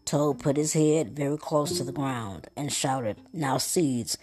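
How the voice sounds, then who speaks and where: Low, slow woman, folksy preacher-storyteller. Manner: folksy, calls listener "baby". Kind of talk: bedtime story reading and informal sermon. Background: guitar music.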